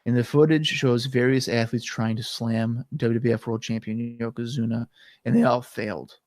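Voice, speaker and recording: A man's voice: mid-range voice, steady tone, moderate pace, a little mellow, no room sound. A man co-hosting a podcast in casual chat, talking loosely and trailing off at the ends of sentences, his throat catching. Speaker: podcast co-host. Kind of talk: casual chat recapping wrestling.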